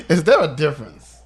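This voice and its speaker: Young guy cohosting a podcast, loose profane storytelling, gets animated. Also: on the high side. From Chicago area. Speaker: podcast co-host. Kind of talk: casual chat.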